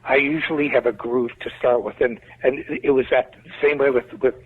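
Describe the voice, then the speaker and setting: Chicago man, guest musician, rambling storyteller; husky voice on a tinny remote line. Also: mid-range voice, steady tone, normal speed. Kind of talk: casual interview talk.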